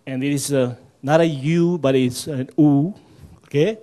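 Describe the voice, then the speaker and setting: A man leads a seminar in a slow, unhurried cadence. His voice sits a touch high but has a soft, mellow tone. He coaxes the room along with patient repetition and frequent "yeah?" check-ins. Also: fairly even intonation. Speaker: workshop presenter. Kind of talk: seminar teaching pronunciation.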